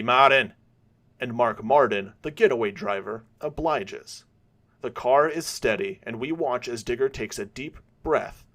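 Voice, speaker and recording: A man narrating a fan-made episode in a measured storytelling way. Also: mid-range voice.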